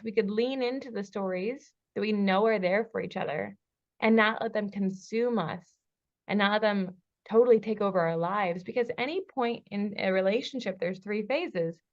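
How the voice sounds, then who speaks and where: Animated woman telling a relationship story. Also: mid-range voice, moderate pace, dull audio. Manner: animated storyteller acting out dialogue with laughs. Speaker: relationship coach. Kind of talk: storytelling in a podcast interview. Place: lives in Bali.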